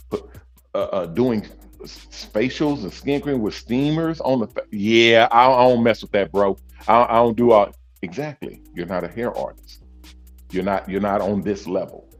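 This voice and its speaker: A man hosting a casual livestream from on the move, talking emphatically and repeating his points. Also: lowish voice. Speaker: host, owner of a salon network. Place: mobile, in a vehicle.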